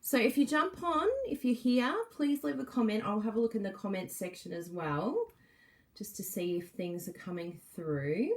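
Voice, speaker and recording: A woman's voice: medium pitch, lively intonation, moderate pace. A middle-aged woman, hosting a casual live stream, bubbly and laughing often as she greets viewers by name. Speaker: Facebook Live host.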